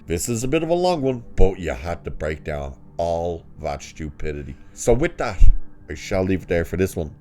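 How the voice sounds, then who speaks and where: A man giving a sarcastic, exasperated review of a TV episode, swearing freely and swinging his pitch up sharply when he mocks it. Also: sing-song, moderate pace, dark tone. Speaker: show reviewer.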